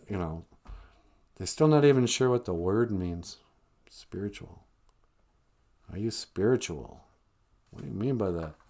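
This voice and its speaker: On his live stream, a man with a fairly low, dark voice chats informally about the spirit and emotions. He keeps a wry sense of humor throughout, slipping into comic voices now and then in his conversational teaching monologue.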